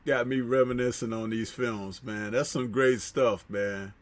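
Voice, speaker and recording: A man's voice: medium pitch, steady tone, a little slow. A man hosting a livestream, reading chat aloud and reminiscing in slangy casual talk, laughing often.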